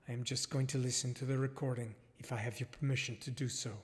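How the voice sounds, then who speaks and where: A man's voice: mid-range voice, level tone, natural voice. A man doing a grave, formal documentary filmmaker. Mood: solemn. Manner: solemn, deliberate, formal. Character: grave male documentary filmmaker, solemn and measured. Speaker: interviewer. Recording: long hall reverb.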